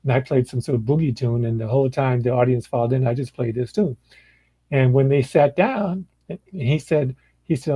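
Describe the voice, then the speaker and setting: In a rough recording from an indoor room with no room sound, an older blues musician speaks at a normal speed in a medium-pitched, breathy voice. He's a relaxed storyteller, chatting casually at an easy pace and acting out the dialogue of others.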